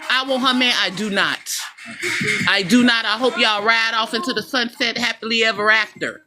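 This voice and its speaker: A woman's voice: on the high side, steady tone, moderate pace, over music. A middle-aged woman delivering a blunt, profane personal rant straight to the listener, calling them baby and boo. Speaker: vlogger.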